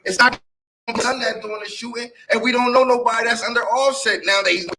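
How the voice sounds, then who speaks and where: High, bright-voiced man pressing his point. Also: fairly even intonation, a little fast. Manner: slangy, profane, insistent, loud at times. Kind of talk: casual debate among friends.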